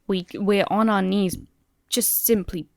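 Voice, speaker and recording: A woman's voice: mid-range voice, steady tone, slow pace, gravelly, no echo, studio quality. A woman, co-hosting a podcast in casual chat, giggly and self-deprecating. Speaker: podcast co-host.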